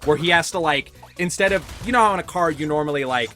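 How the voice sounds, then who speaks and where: A man's voice: on the high side, quick pace, sharp tone, soft background music. A young adult man chatting casually while playing a game, telling a story animatedly and swearing freely. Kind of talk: casual chat while gaming.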